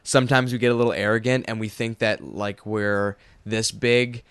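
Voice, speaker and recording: Low, smooth-voiced man rambling casually. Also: steady tone, normal speed, fairly bright tone, no room sound. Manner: rambling, many fillers and restarts. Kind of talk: casual chat.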